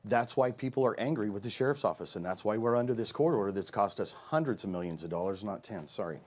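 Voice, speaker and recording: A man's voice: on the low side, expressive, quick pace, a little mellow. An American man at a debate giving pointed answers and rebutting a rival. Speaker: sheriff candidate in a debate.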